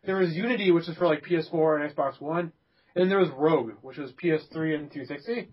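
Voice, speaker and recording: A young man hosts a casual gaming podcast with a somewhat high, husky voice. He rambles through his points with fillers, restarts and laughter. The recording is dull and lo-fi. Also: a little fast. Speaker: podcast host.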